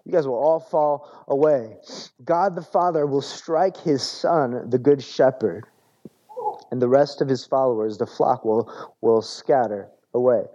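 A man preaching a sermon in a relaxed, conversational way, often repeating words as he searches for the phrase. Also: mid-range voice, measured pace, dull audio. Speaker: pastor.

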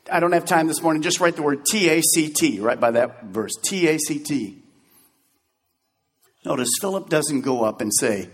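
A male pastor preaching a sermon in an animated, joking manner, acting out scenes as he goes. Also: fairly high pitch, normal speed, breathy edge, big-room sound.

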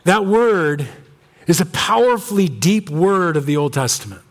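A male pastor preaching a sermon with impassioned emphasis, swinging from ringing highs to low, grave lines. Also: expressive, measured pace. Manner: impassioned, big swings between high emphasis and low gravity.

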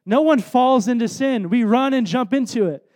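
A man in his thirties delivers a sermon with a strikingly high voice for a man. His preaching is earnest and conversational, with self-deprecating asides. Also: normal speed, darkish tone.

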